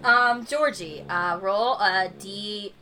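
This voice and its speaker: A woman's voice: mid-range voice, slow pace, pushed and bright, slight background noise. A woman running a tabletop game as game master, chatty and rambling, with many fillers and restarts.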